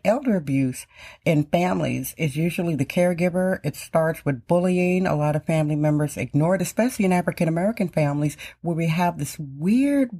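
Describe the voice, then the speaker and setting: A woman's voice: fairly low pitch, dark tone. A middle-aged woman from Wisconsin hosting her own podcast, talking emphatically and repeating phrases for stress. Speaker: podcast host. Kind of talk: casual podcast monologue.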